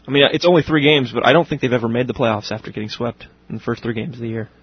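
Quick husky man steering sports talk. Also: medium pitch, dry recording, lo-fi sound. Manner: quick, dry, steers the segment. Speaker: sports radio host.

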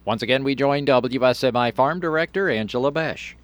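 A man working as a radio announcer, reading the weather and introducing the next segment in smooth announcer style. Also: medium pitch, fairly quick, no room sound, muffled recording.

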